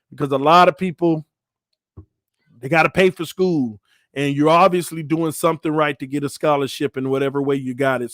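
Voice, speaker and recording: A man's voice: a little high, dry recording, studio quality. A man hosting a casual live-stream, reading viewer comments aloud, laughing and joking as he stumbles over names. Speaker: channel host.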